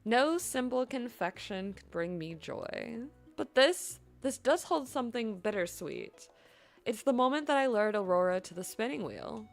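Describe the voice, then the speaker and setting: A woman's voice: fairly high pitch, very animated, unhurried, faint music behind, voice pushed down. A woman voicing Maleficent, a proud, vengeful female fairy villain, while reading game dialogue aloud, speaking in a grand, disdainful way. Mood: haughty.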